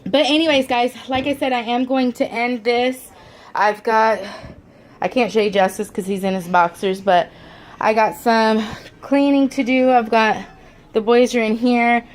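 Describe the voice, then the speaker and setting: A woman's voice: on the high side, steady tone, measured pace. A woman and mother of four chatting casually to her camera at home, rambling, with lots of fillers and restarts, and the odd "y'all". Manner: homey, says "y'all". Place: at home, indoors.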